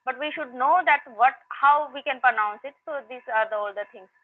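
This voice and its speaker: Lady explaining learning tips, lots of uhs, high voice over a tinny call. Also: fairly quick. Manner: explanatory, many fillers. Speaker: host. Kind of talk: casual conversation about learning English. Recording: tinny phone line.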